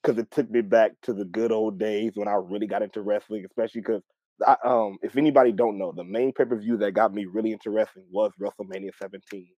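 A man co-hosting a casual podcast chat, excitable and enthusiastic in how he talks. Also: fast, no echo. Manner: excitable, swings between high and low. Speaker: podcast co-host. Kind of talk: casual chat about wrestling. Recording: slightly dull, lo-fi mic.

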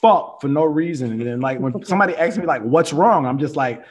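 Man in his thirties, slightly high voice, animated, profane co-host. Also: fast. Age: 30s. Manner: animated, profane, acts out quoted lines. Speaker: podcast co-host. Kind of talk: casual chat.

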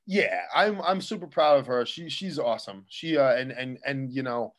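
An excitable man, a professional wrestler, chatting as an interview guest. His voice sits at an ordinary middle pitch, and he rambles, tripping over himself and restarting his sentences as the thoughts pile up. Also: normal speed. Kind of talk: casual interview chat.

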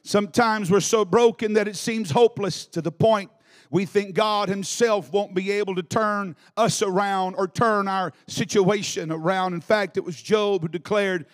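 High-voiced preacher building to shouts. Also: male voice, normal speed. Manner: builds from quiet teaching to shouted exhortation. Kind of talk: live sermon. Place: church in Alabama.

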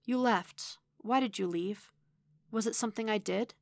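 A woman voicing an impatient, sharp-tongued female android, speaking in urgent, exasperated bursts. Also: medium pitch, moderate pace, gravelly, no echo, clean studio sound, lightly acted.

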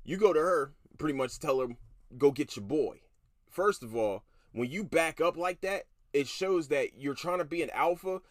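A man's voice: fairly high pitch, a bit bright, no echo, studio quality. Profane, heated man in his thirties. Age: 30s. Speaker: podcast host. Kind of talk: ranting story told to listeners.

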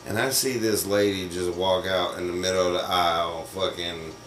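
A man's voice: sits low, moderate pace. Profane storytelling man, distant and roomy. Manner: animated, profane, laughs through his stories. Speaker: podcast co-host. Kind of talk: casual storytelling chat. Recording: roomy, distant mic with faint noise.

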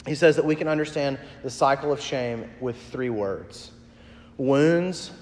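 A man preaching a sermon in a relaxed, conversational way, with lots of casual fillers. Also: mid-range voice, normal speed, long reverb tail. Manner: conversational, uses many fillers. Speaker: pastor.

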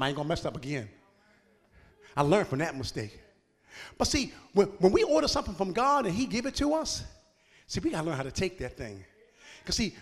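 A man's voice: high-pitched, long reverb tail. A man preaching a sermon in a folksy, playful way, joking with the congregation and laughing between phrases.

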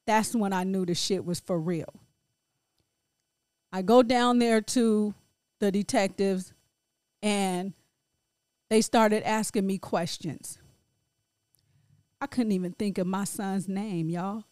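A middle-aged grieving woman speaking in a halting, emotional personal monologue full of restarts. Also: mid-range voice, fairly even intonation, a little mellow, dry recording, clean studio sound. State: grief-stricken. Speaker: grieving mother sharing her story.

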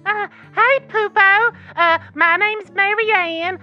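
A woman's voice: very high-pitched, takes it slowly, highs cut off, faint music behind. A woman voicing a shy, embarrassed caller who halts with ums. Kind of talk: comedy radio call-in sketch.

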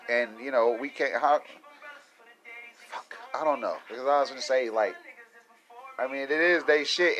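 A man's voice: medium pitch, fairly bright tone. A young adult man, ranting casually to his viewers with lots of swearing and laughter. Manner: profane, rambling, laughs often. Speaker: vlogger.

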